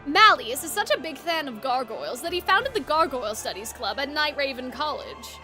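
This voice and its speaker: A woman's voice: sits high, animated, normal speed, bright, forceful tone, faint music behind. A woman voicing a chummy, folksy male stone gargoyle with drawled slang in a game read-aloud. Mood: folksy cheerful.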